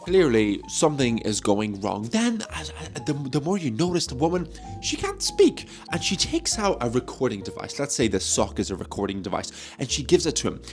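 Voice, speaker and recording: A man's voice: medium pitch, big pitch swings, a little fast, few pauses, soft background music. Chatty, swearing man vlogging. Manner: chatty, swears freely, jokey asides. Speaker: movie review vlogger. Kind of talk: casual vlog chat. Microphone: phone mic.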